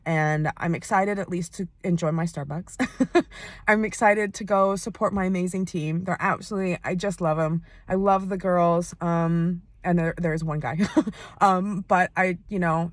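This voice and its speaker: A woman's voice: lowish voice, no room sound. Candid American woman vlogging from her car. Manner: chatty, rambling, candid. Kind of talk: candid personal vlog. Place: inside a parked car.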